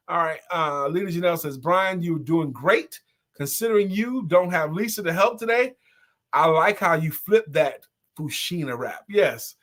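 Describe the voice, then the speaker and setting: A middle-aged man hosting a live stream, playfully giving viewers shout-outs with short improvised sung and rapped jingles and frequent laughter. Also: fairly high pitch, animated, unhurried. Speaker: host.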